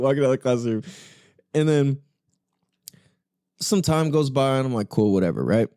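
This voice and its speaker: A man's voice: mid-range voice, very animated, moderate pace, long pauses, warm tone, dry recording, studio quality. Slangy, swearing young man telling stories. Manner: profane, filler-heavy slangy storytelling. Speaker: podcast host. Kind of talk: casual storytelling.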